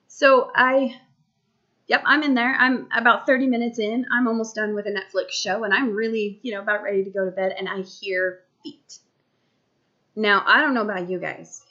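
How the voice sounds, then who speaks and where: A woman's voice: mid-range voice, a bit bright, highs cut off. A woman in her thirties, a mom, telling a story to camera in a chatty, rambling way full of asides, recorded at home. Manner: chatty and rambling, lots of fillers and asides to the listener. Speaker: mom vlogger.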